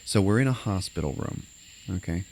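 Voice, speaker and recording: Low-voiced man rambling through a movie recap. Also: expressive, a little fast, a little mellow, breathy edge. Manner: rambling, many fillers, acts out quotes. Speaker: podcast co-host recapping a movie. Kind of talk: casual movie recap chat.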